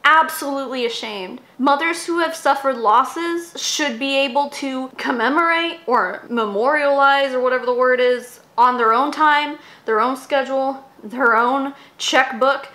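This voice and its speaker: A woman's voice: high voice, pushed and bright, reverberant. A young adult woman hosting a casual commentary vlog, emotional and swearing a lot. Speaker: YouTube host.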